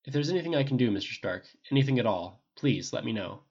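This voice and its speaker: A man voicing a gentle, earnest adult male soldier with a polite, old-fashioned way of talking, on a dull lo-fi recording. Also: medium pitch, expressive, fast talker, gravelly, slightly rough.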